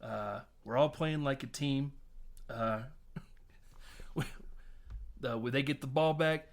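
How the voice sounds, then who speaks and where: A man in his thirties with a mid-pitched voice, hosting a relaxed film podcast. He retells movie scenes with animated energy, laughing often and swearing casually. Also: takes it slowly, creaky. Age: 30s. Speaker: podcast host. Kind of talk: casual film recap chat.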